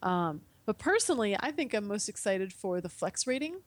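A woman's voice: medium pitch, big pitch swings, normal speed, no room sound. A young woman in casual chat as a podcast guest, laughing often and acting out her own reactions. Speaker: podcast guest from a gaming website.

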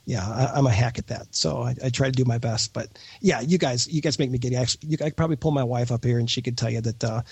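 A man who is a guest on a podcast, talking in an excitable, rambling, self-deprecating way. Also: mid-range voice, quick pace, hardly any pauses, breathy edge, no room sound. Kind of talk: casual podcast chat.

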